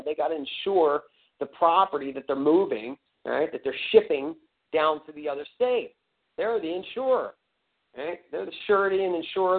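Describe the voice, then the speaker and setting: A man telling his story on a community call in a blunt, profane, emphatic way. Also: a little high. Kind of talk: casual storytelling. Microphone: phone or call line. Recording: tinny phone line.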